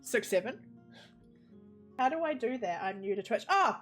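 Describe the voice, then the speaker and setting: A woman with a New Zealand accent chats through a live stream, rambling freely and laughing often. Her voice sits slightly high and is picked up by a desk microphone. Faint game music plays under her talk. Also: sing-song, normal speed, fairly bright tone. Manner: rambling and chatty, laughs often, talks to chat and her pets. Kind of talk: casual live-stream chatter while playing.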